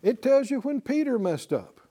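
A man preaching a sermon with passion, swinging from loud exclamations to hushed prayer and leading the listeners in a spoken prayer. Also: extremely high pitch, very animated, normal speed. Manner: leads congregation in spoken prayer.

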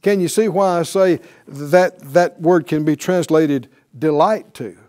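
A man teaching a Bible class in a fervent preaching style, breaking into hallelujahs and quick laughs. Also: a little high, mellow.

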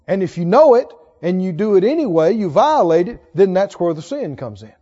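A man preaches in a very high voice, drawing answers from the congregation and pressing his points hard. His sound carries a long church-hall reverb, and the recording is dull and muffled. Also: very animated, fairly quick, mellow. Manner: preaching with call-and-response, rising to emphatic exhortation. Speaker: pastor. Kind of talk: sermon. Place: church sanctuary.

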